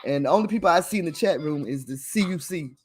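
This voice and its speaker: A woman's voice: low-pitched, expressive, fast, a little hiss or hum. A woman hosting a livestream, talking casually and emphatically to her viewers, often laughing and sounding preachy. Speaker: livestream host.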